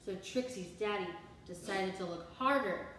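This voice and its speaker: A woman teacher reading a picture book aloud to children, animated and expressive with asides, heard from far off in an echoey room. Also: medium pitch, moderate pace, a little hiss or hum.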